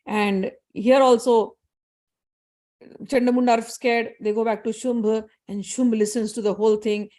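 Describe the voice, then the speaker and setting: A woman casually retelling a scripture story in a conversational way, with fillers and bursts of fast Sanskrit chanting. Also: fairly high pitch, steady tone, darkish tone.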